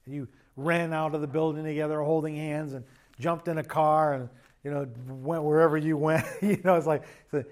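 A man's voice: a little high, steady tone, normal speed, a little mellow. A man preaching a sermon as pastor in a church, conversational and joking with emphatic bursts.

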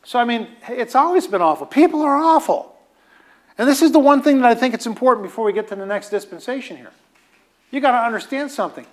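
A man's voice: sits high, lively intonation, brisk. A man preaching a teaching sermon in a conversational way, with emphatic repetition and casual asides. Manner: emphatic, repeats phrases for stress.

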